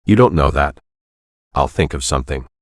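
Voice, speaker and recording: A man's voice: very deep voice, animated, moderate pace, dry recording, clean studio sound. A man voicing a terse, stubborn, protective father in an audiobook.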